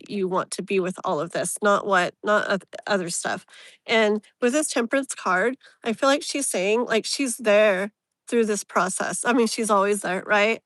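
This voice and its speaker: A woman's voice: mid-range voice, no room sound. A woman hosting a casual live tarot reading, rambling and emotionally open, with lots of fillers. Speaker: tarot reader, live stream host.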